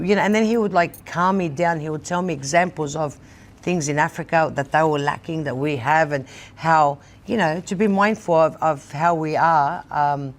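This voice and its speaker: A woman's voice: sits low, normal speed. A middle-aged woman from Australia, hosting a casual studio chat and telling stories in a candid, blunt way. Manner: candid, blunt storyteller, swears freely. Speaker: host.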